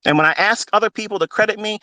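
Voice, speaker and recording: A man's voice: high voice, rapid-fire, bright, forceful tone, no echo. A man speaking into a phone, giving a fervent, preachy monologue as a trading mentor, blunt and swearing freely. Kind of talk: impassioned monologue on a live audio stream.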